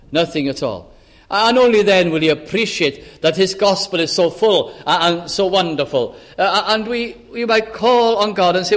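A preacher delivers an impassioned sermon in a notably high-pitched voice. He slows to press key words, then sinks into a hushed, pleading tone when he voices a soul crying out to God.

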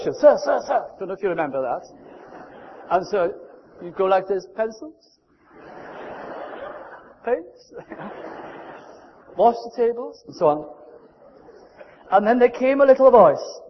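Elderly man preaching fervently in a hall. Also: sits high. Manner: fervent, rising to impassioned cries and sinking to hushed pleading. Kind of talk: sermon. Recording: muffled, reverberant hall recording.

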